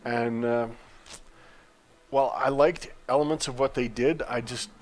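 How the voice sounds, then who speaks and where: A developer man co-hosts a relaxed gaming livestream, answering audience questions between dry jabs at his partner. His voice is an ordinary mid pitch, and he delivers his humor flatly and wryly. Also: a little slow. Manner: dry, wry teasing. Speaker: game developer and co-host. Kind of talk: casual gaming livestream chat.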